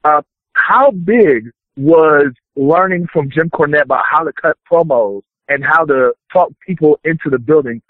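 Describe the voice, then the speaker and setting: A man hosting a podcast interview, asking long, measured questions with some filler "uh"s. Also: a little high, no echo. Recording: dry, phone-like narrow sound.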